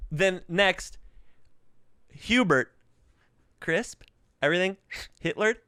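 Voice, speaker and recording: Animated, profane male podcast host. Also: high-pitched, very slow, no echo, studio quality. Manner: profane, animated, mimics voices in quotes. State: has covid, coughing. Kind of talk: casual comedic storytelling.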